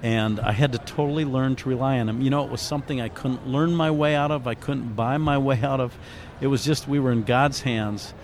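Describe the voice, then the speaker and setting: On a faith radio program, a middle-aged guest who is an author and founded a ministry recounts a heartfelt personal story, earnest and reflective. His voice sits at a medium pitch, with a little hiss or hum in the audio.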